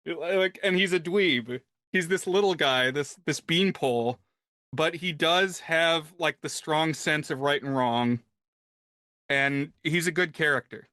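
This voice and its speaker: A man co-hosting a film podcast, telling stories in a relaxed, wry way. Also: fairly high pitch, takes it slowly, no room sound, clean studio sound. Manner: relaxed, wry storytelling, reads quotes aloud. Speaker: podcast co-host. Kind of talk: casual film podcast chat.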